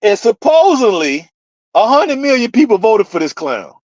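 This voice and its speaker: Animated laughing vlogger, lively pitch. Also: moderate pace, dry recording, lo-fi sound. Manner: animated, laughs often, profane. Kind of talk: ranting commentary to viewers.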